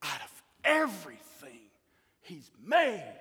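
A man preaching a sermon, emphatic, swinging from hushed words to loud declarations. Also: high voice, lively intonation, unhurried. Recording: long hall reverb.

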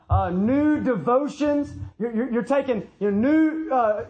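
Male pastor, very high voice, preaching with repeated phrases and rhetorical questions. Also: poor audio. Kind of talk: sermon.

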